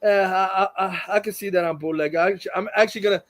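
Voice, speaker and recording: High-voiced man ranting on a livestream. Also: fairly even intonation, fast talker, fairly bright tone, dry recording. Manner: profane, laughs often, rambling. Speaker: livestream host. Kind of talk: casual livestream chat.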